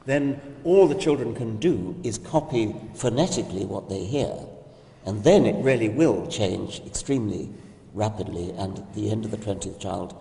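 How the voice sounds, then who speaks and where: An older man interviewing, explaining ideas in a measured, precise way with slight hesitations. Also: lowish voice, creaky, warm tone. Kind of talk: conversational interview. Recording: distant mic, echoey hall with long reverb.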